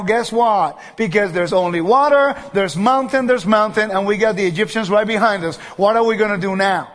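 A man's voice: sits high, normal speed, hardly any pauses, a bit bright, in a large hall. A man preaching a sermon to a live audience. He keeps asking if they follow him and acts out the voices of people in his stories.

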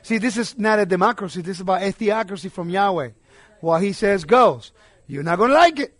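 A man preaching a sermon, emphatic, swinging between quiet asides and loud declarations. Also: high voice, fairly quick, no echo.

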